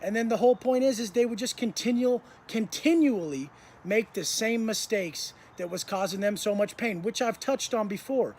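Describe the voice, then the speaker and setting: A man with a notably high voice tells his story in a blunt, intense monologue, swearing freely as he drives his points home. He speaks as a motivational speaker, and a faint hiss sits behind him. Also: moderate pace, darkish tone.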